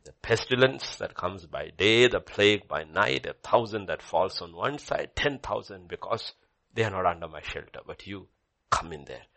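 A man preaching a sermon to a congregation in church, swinging from low murmurs to high excited cries. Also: normal speed, gravelly.

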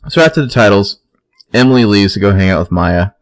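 A man's voice: on the low side, expressive, fast talker, no echo. A man co-hosting a podcast, laid-back and wry as he recaps a TV episode. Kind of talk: casual chat.

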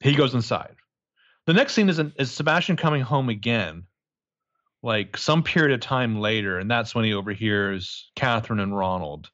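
A man's voice: medium pitch, normal speed, fairly bright tone, muffled recording. A man casually recapping a movie as a podcast co-host, crude and joking, rambling with lots of fillers.

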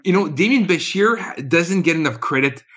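Animated man with a husky voice. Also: on the high side, a little fast. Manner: animated, chuckling, quotes lines. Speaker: podcast co-host. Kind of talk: casual movie review chat.

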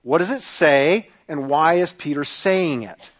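A man's voice: a little high, measured pace. A middle-aged male pastor preaching a sermon, emphatic and given to repeating his key lines.

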